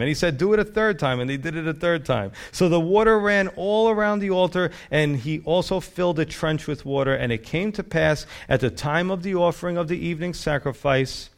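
Guy preaching a sermon, kinda high voice, reads verses then chats about them, gets loud sometimes. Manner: reads scripture aloud then comments conversationally; rising to loud emphatic bursts. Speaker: pastor.

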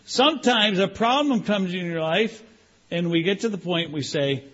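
An older man preaching a sermon as pastor, animated, acting out prayers and pleas in different voices. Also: high-pitched, normal speed, dull audio.

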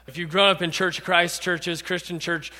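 A man preaching a sermon as pastor, dramatic, acting out quotes and rising to shouts. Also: high-pitched, flat delivery, moderate pace. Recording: long reverb of a large hall.

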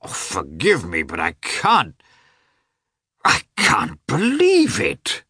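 A man voicing an effusive, kindly aristocratic gentleman who exclaims and pleads in a high voice. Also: wildly swooping pitch, a little slow, slightly rough, no echo, studio quality, heavily acted. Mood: dismayed.

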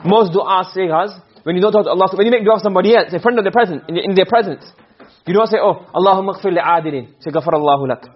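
A male teacher gives a lesson at a brisk pace, often stopping to ask the class whether they follow. His voice sits high and sounds husky. The recording is dull and lo-fi. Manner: explains with repeated questions to students.

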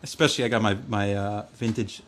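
Laid-back low-voiced man chiming in. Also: fairly even intonation, a little fast, fairly bright tone. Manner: laid-back, chimes in with short agreements. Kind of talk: casual comedic chat.

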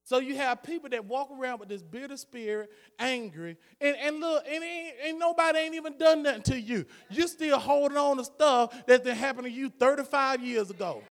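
A man's voice: very high voice, brisk, hardly any pauses. A man preaching a sermon as pastor, in a rhythmic, repetitive preaching style with rising fervor. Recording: long hall reverb.

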